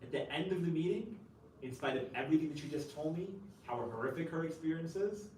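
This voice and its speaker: A man's voice: fairly high pitch, lively intonation, fast, darkish tone. A man who serves as a chaplain, speaking at a campus talk and answering an audience question in a conversational way, often using "like", "you know" and a questioning "right?". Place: campus event room. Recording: roomy, distant, faint noise.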